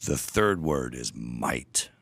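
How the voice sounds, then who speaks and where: A man's voice: rumbling low, very animated, takes it slowly, a bit bright, no echo. A man co-hosting a podcast, joking and teasing in casual chat. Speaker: podcast co-host.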